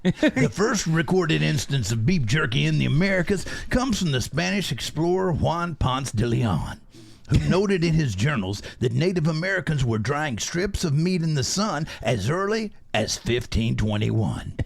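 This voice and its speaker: A gravelly, drawling cowboy storyteller, as a man puts on the voice for a joke history reading. His pitch sits a little high and swings widely as he hams up each line. The delivery is folksy and mock-solemn. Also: very animated, a little slow, exaggerated voice.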